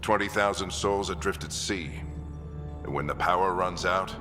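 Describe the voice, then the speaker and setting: An actor playing a stern middle-aged father who leads a space expedition, calm and commanding. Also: low voice, normal speed, natural voice. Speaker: expedition leader. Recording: game audio with music and long reverb.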